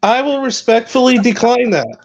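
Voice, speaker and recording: Woman, panel guest on a video call. Higher voice, dry and teasing. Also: expressive, normal speed, darkish tone, highs cut off, a little hiss or hum. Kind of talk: casual panel chat.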